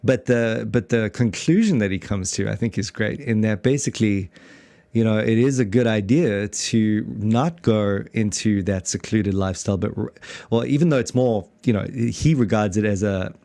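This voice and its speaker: A man's voice: on the low side, moderate pace, warm tone, dry recording. A man with a South African accent hosting a casual theology podcast, rambling through his thoughts with fillers and restarts. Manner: rambling, many restarts and fillers, laughs easily. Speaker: podcast host and pastor.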